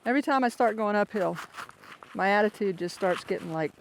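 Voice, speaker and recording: A man's voice: high-pitched, brisk, vocal fry, slight background noise. An older man from Florida, chatting casually and poking fun at himself while he walks a foggy mountain trail, talking into a handheld phone camera. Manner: chatty, self-mocking, rambling. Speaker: hiker vlogger. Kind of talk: casual vlog while hiking.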